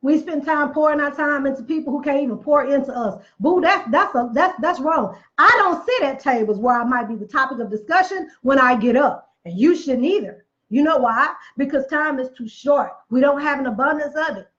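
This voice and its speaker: A woman's voice: high voice, expressive, brisk, few pauses, fairly bright tone, muffled recording. A woman giving a casual motivational talk, emphatic and preachy, repeating phrases for effect, with chatty folksy asides. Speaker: motivational speaker.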